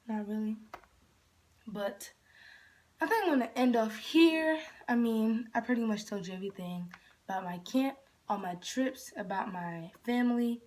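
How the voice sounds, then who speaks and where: A young woman from Michigan telling a story in a casual vlog, rambling, often dropping to a whisper and jumping up in pitch when she quotes herself. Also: a little mellow, a little hiss or hum. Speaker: vlogger.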